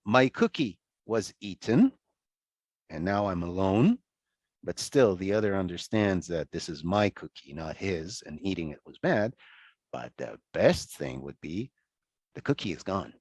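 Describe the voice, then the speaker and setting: A man giving an online lecture over a video call, talking in a conversational, animated way with many restarts and asides. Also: deep voice, a little slow, no echo.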